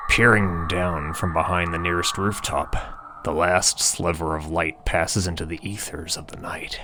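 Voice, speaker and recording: Deep-voiced man, grandiose narration. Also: noisy background. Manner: grandiose, theatrical delivery. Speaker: audiobook narrator and author. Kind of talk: mock-heroic comedic narration.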